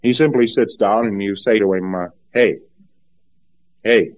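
A man giving an informal lecture, telling stories in a lively way and acting out what people said. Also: on the low side, brisk. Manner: lively storytelling, acts out quotes. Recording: dull lo-fi archive tape.

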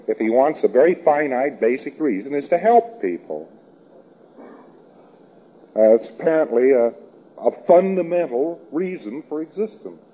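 A man with a slightly raised pitch gives an informal lecture, wry and anecdotal as he rambles from point to point. The sound is thin and boxy, squeezed into a narrow phone-like band like an old tape. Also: big pitch swings, unhurried, pauses often.

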